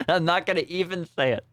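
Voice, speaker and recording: A man's voice: fairly high pitch, moderate pace, fairly bright tone, no echo. A man streaming a detective game, rambling and sarcastic in casual commentary at a desk microphone.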